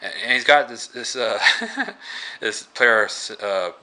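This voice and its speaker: A man casually recapping a movie scene by scene, rambling and halting with many filler words. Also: medium pitch, big pitch swings, sharp tone. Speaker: movie reviewer.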